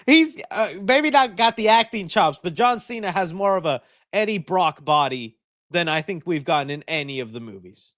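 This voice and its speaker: A man hosts a live chat stream and answers viewer questions as they come in. His voice sits a little high and swings widely in pitch, in a chatty, thinking-out-loud way. The sound is dry and close, with no room echo. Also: animated, unhurried. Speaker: host.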